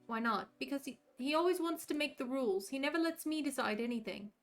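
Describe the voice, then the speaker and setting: A woman's voice: high voice, fast talker, faint music behind. A woman voicing a sulky, hurt young Danish boy with a whiny, complaining manner in a story game.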